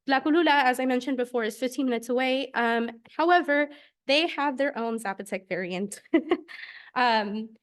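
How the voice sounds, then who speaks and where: Higher-voiced young woman presenting research. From United States. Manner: explanatory, with frequent filler pauses. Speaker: graduate student presenter.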